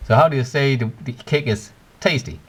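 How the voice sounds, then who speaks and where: A man teaching words in English, explaining step by step, slowing down on each word and asking "right?" to check the listener is following. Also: medium pitch, slight background noise. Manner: slows to spell out Cantonese words. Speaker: Cantonese teacher. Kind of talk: language lesson.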